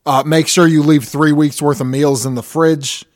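A man's voice: on the high side, steady tone, normal speed. A man in a casual group chat, self-deprecating and profane, stammering on restarts. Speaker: podcast co-host.

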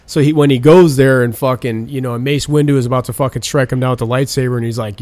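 A man's voice: medium pitch, fairly even intonation, fairly quick, darkish tone, no room sound. A man in casual chat, animatedly retelling film scenes with lots of swearing and filler. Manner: profane, rambling storytelling.

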